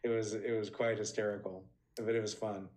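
A man as a podcast interview guest, telling animated stories with many restarts and high, bright quoted lines. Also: a little fast. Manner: animated storyteller, many restarts, jumps high when quoting. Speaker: interview guest, former assistant. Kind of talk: casual interview talk.

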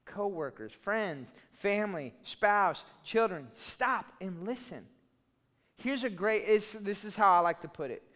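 A pastor preaching a sermon, passionate and fired up, swinging from loud bursts to soft, low asides. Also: male voice, animated, unhurried, long reverb tail.

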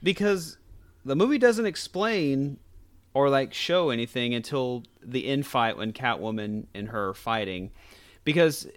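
A man co-hosting a casual podcast, reviewing a movie and acting out lines from it in high mock voices. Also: a little slow, clean tone. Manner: animated, jumps into high mock voices when quoting scenes. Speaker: podcast co-host.

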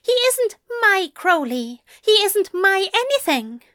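A woman's voice: extremely high pitch, sing-song, takes it slowly, fairly bright tone, dry recording, studio quality, pitched above the performer's own voice, full character voice. A woman reading a story aloud, voicing a tipsy, fussy male angel who talks in a formal, flustered way. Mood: defensive.

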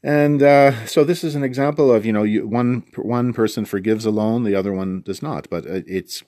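A man with a fairly low voice leads an informal Bible study, talking through a parable in an easygoing, rambling way. He stops himself often to rephrase and adds side remarks. His voice sounds dry and close, with no room echo. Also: darkish tone. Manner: conversational, many restarts and asides. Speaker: preacher.

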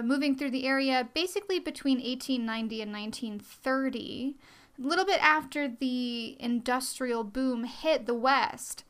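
Bright, chatty young woman podcast host. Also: on the high side, clear, resonant tone. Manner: chatty, rambling, self-deprecating. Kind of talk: casual podcast monologue.

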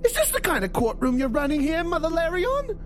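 Man putting on a squeaky, blustering dwarf attorney; frantic, insistent, swooping wildly in pitch, unhurried delivery; tabletop game. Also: big pitch swings. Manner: blustering, insistent, repeats himself. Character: frantic, indignant male dwarf defense attorney.

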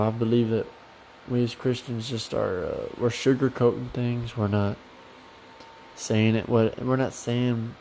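A man's voice: mid-range voice, dark tone, slight background noise, low-quality recording. A man giving a casual, earnest sermon that grows fervent and insistent, repeating himself for emphasis. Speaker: preacher.

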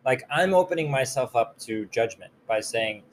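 A man telling a story in casual chat, animated and laughing as he acts out the scenes. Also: mid-range voice, moderate pace, slight background noise.

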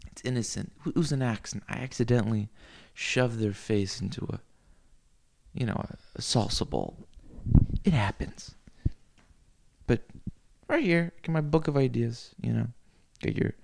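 A man rambling through a crude comic monologue, cursing freely and swinging into loud rants. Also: medium pitch, measured pace, vocal fry.

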